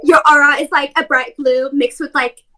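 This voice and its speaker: A woman's voice: high-pitched, fairly even intonation, moderate pace, sharp tone. A woman putting on the voice of a gushing young Valley girl with breathless, rising exclamations. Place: online voice call.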